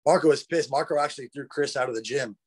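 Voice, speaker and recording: On a podcast, a man who is a retired fighter spins casual stories, rambling and swearing and saying "bro" and "dude" constantly. He has a mid-range voice and a quick pace.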